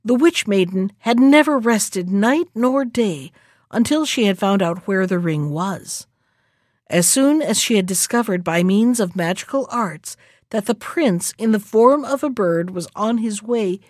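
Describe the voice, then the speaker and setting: A woman narrating a fairy tale aloud in a measured, unhurried reading. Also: medium pitch, darkish tone, no room sound, clean studio sound.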